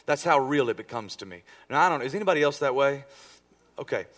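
A man in his thirties, a pastor preaching a sermon, telling personal stories and acting out quoted lines with sudden swings between loud and hushed. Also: medium pitch, expressive, fast talker. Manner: storytelling with acted-out quotes, dramatic swings in volume.

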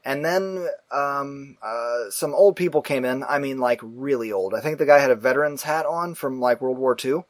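A man hosting a casual talk show, telling a story in a profane, animated way and acting out the people in it. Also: mid-range voice, moderate pace, few pauses, no room sound. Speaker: podcast host.

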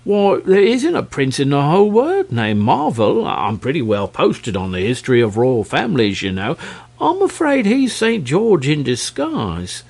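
A man's voice: mid-range voice, huge pitch swings, a little slow, vocal fry, a little mellow, breathy edge, voice pushed up, full character voice. A man reading aloud and voicing a proud, fussy male dragon who speaks in a prim, reproachful, pompously polite way. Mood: chatty.

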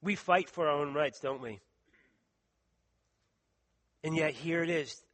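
A man preaching a sermon, reading scripture aloud and speaking earnestly and emphatically, with a tickle in his throat that keeps him clearing it and coughing. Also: on the high side, slow, fairly bright tone. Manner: earnest, emphatic, stretches out key words.

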